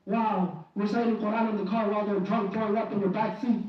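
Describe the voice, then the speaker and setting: A man's voice: high voice, flat delivery, fairly quick, hardly any pauses. A man giving an impassioned Friday sermon in a mosque, pleading and fervent, often restarting and repeating phrases. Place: mosque prayer hall. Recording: very echoey hall, distant and dull.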